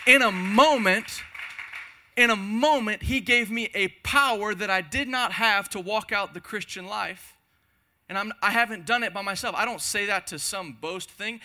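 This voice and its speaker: A man's voice: high voice, bright, forceful tone. A man preaching a passionate sermon to a congregation, speaking in emphatic, repeated phrases. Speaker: pastor. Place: church hall before a congregation.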